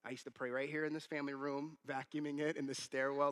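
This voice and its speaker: A man's voice: mid-range voice, fast, few pauses. A man in his thirties preaching a sermon as pastor, telling stories and acting out the quoted voices. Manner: animated storytelling, acting out quotes.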